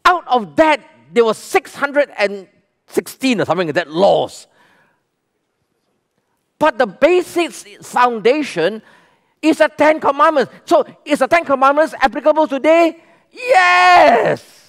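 Preaching to his congregation, this Malaysian English-accented pastor has a very high, fairly bright voice with lively intonation and a measured pace. He speaks emphatically, asking the people questions and urging them to answer back.

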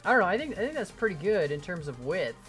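A Canadian gaming livestreamer with a high, sing-song, fairly bright voice talks fast over soft background music while playing a building game, answering chat questions in a rambling, self-deprecating way.

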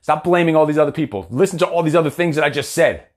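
A man's voice: on the high side, racing. A man in his forties, a coach giving a blunt, profane, fired-up motivational talk. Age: 40s. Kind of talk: motivational monologue.

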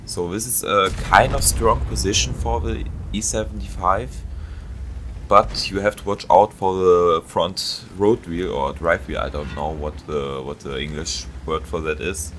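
A man's voice: deep voice, fairly bright tone, slight background noise. A man with a German accent commentating on a game replay, hesitant and searching for English words. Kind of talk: gameplay commentary.

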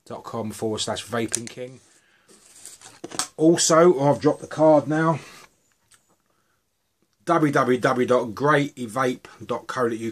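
A middle-aged man from the UK, chatting casually and rambling a little as he reviews vape juices. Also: mid-range voice. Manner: chatty, relaxed, rambling asides.

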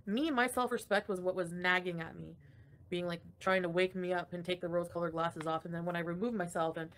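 A young woman hosts a casual livestream, reading chat comments while ranting, swearing often and laughing a lot. Her voice is lowish, fairly quick, steady and a bit bright, with slight hiss or hum in the audio.

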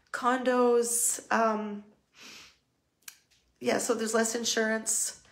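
Woman, Canadian accent, real estate agent, live home tour, chatty and upbeat, lots of ums, higher voice, phone mic indoors. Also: vocal fry. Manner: chatty, upbeat, full of fillers and restarts. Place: indoors in a house, walking through rooms.

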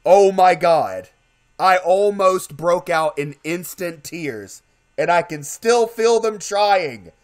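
A man's voice: high voice, slow pace. A young man giving emotional, chatty commentary as he plays a horror game and talks to his dog. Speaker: gaming streamer. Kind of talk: casual gameplay commentary.

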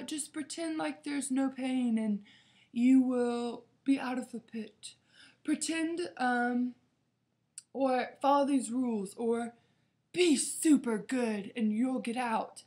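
Woman, youth Bible study leader; earnest devotional talk, slightly high voice with a gravelly edge. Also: a little mellow. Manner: earnest, preaching, acts out quotes dramatically.

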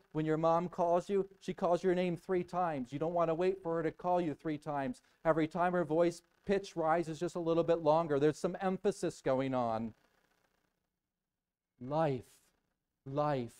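A male pastor delivering a sermon in a church sanctuary, voice pitched in the ordinary middle for a man. He preaches with dramatic swings, dropping to a hushed murmur and then rising to a loud, ringing cry. He leans on repetition to drive points home. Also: poor audio. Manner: emphatic repetition.

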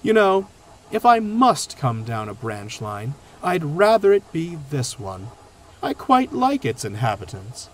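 Man voicing a pompous male steam engine, higher voice, lively swings, music bed behind. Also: measured pace, a little hiss or hum. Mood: sheepish. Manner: pompous, haughty, later apologetic. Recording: music playing underneath.

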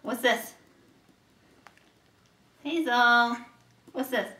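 A woman reading picture books aloud to a toddler, asking patient questions in a slow, playful way. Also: on the high side, sharp tone. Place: home room. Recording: roomy home video from a distance.

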